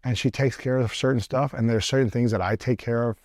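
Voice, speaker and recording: A man's voice: medium pitch, fairly even intonation, fairly quick, a little mellow, no echo, studio quality. A man hosting an interview show, curious and affirming, asking probing follow-up questions. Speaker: podcast host. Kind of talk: interview conversation.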